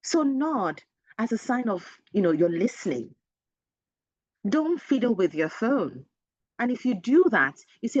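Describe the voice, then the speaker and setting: A woman's voice: fairly high pitch, big pitch swings, unhurried, darkish tone, slightly rough, dry recording. A woman with a Nigerian accent, an educator giving a webinar talk in an earnest, emphatic and direct teacherly way. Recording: dull lo-fi dry sound.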